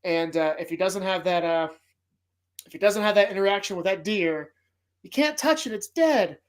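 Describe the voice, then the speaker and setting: A man hosting a relaxed movie podcast, talking through films with loud, profane enthusiasm. He acts out scenes as he goes and sometimes sounds choked up. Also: high-pitched, normal speed. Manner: emotional, choked up at times. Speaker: podcast host. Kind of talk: casual movie podcast talk.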